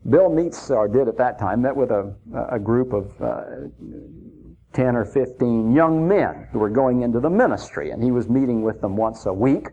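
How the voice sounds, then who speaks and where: A man's voice: mid-range voice, expressive, moderate pace, warm tone. A man preaching, telling a personal story in a folksy, chuckling anecdotal way. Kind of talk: sermon storytelling. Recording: dull lo-fi recording.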